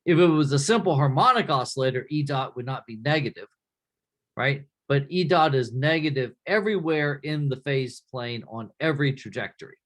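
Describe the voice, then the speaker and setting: A male lecturer speaks at a middle pitch, teaching a class in an easygoing, conversational manner. He often pauses to ask "right?" as he checks in with the students. He is recorded in a classroom. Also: expressive, fairly bright tone.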